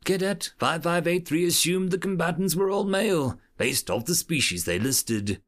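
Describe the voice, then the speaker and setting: A man's voice: on the high side, animated, moderate pace, fairly bright tone, voice pushed up. A man voicing an alien cadet who answers in a plain, matter-of-fact way.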